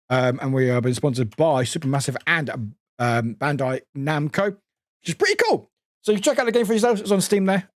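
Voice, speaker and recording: A young British man streaming a game live, excitable and full of laughs, yelps and swearing. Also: fairly high pitch, dry recording, clean studio sound.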